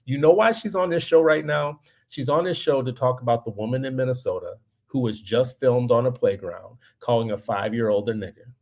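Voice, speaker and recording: A man's voice: medium pitch, fairly quick, a little mellow. A man co-hosting a podcast, telling a story in casual commentary and getting heated and emphatic as he goes. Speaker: podcast co-host.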